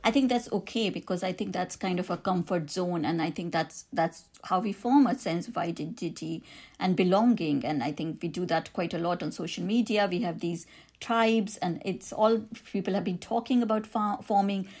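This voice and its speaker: A woman with an Indian accent, an author answering interview questions about her book, reflective and quick to laugh. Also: fairly low pitch, a little mellow. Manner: reflective, laughs easily, frequent restarts.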